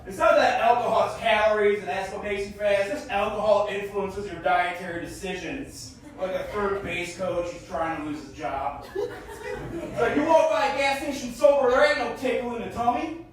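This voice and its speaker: A man in his thirties doing a stand-up comedy set at a festival, animated and bursting into shouted character bits, then dropping into low mumbled asides. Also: moderate pace. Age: 30s. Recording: very echoey room, mic at a distance.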